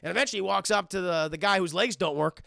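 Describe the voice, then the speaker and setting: High, gravelly-voiced man streaming. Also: fast talker, dry recording, clean studio sound. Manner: profane, animated, talks to chat; acts out lines in put-on voices. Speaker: livestream host. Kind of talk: casual film review stream.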